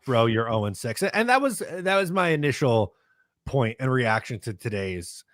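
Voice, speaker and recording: A relaxed man hosting a casual sports talk show. He goes over play data and reads out listener comments in an easygoing way. The recording is dry and close. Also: mid-range voice, moderate pace, no room sound. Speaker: podcast host.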